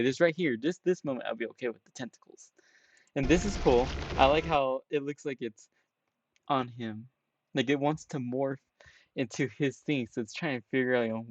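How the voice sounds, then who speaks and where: A man's voice: mid-range voice, darkish tone, no room sound, lo-fi sound. A man giving casual, rambling reaction commentary on a game trailer, peppering his talk with "you know" and "right?". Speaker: trailer reviewer.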